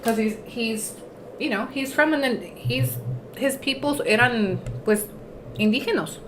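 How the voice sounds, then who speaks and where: A woman chats her way through a casual livestream, slipping Spanish words into her English and stopping now and then to eat. Her voice sits at a middling pitch. The room is echoey, with faint noise underneath. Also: measured pace. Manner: chatty, mixes in Spanish words, eating while talking. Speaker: livestream host.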